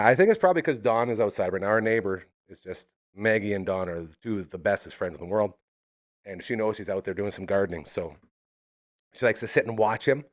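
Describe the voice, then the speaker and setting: A man hosting a live podcast in a chatty, animated way, talking to his dog between segments. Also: lowish voice. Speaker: host.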